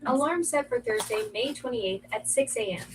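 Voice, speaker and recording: A synthetic woman voices a cheeky home assistant with a quick, teasing comeback for everything. Her tone sits a bit high. She plays out of a speaker across a noisy room. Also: lively intonation, far from the mic. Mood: chirpy. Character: sassy female smart-speaker assistant. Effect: played through a home smart speaker.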